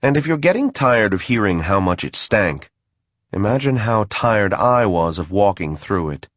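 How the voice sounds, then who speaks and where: Man, audiobook narrator, dry wry delivery, low voice, dead dry studio. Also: lively intonation, normal speed, no echo. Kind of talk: first-person audiobook narration.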